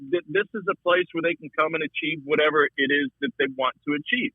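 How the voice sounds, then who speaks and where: A man talking about college football as a broadcaster guest, in a casual, animated way, often repeating words. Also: normal speed, breathy edge, no echo. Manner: animated, repeats words, shifts pitch a lot. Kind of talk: casual sports talk. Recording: dry, thin phone-line sound.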